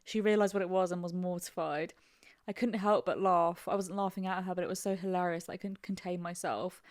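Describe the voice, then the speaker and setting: A woman co-hosting a podcast, telling stories with easy, relaxed chatter and quick laughs. Her voice sounds dry and close. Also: fairly low pitch, dry recording. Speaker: podcast co-host. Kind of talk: casual chat.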